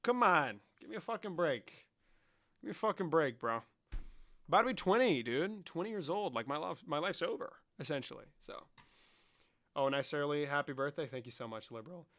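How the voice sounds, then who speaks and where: Young guy streamer, joking and sarcastic, swears a lot, bright tense voice, kinda high. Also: expressive, brisk. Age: young adult. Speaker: livestreamer. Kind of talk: casual livestream chat.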